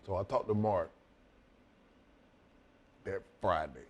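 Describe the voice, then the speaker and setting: Speaking slowly in a low voice, a middle-aged man tells wrestling stories as a guest in a shoot interview. He's blunt and swears often, acting out both sides of old conversations.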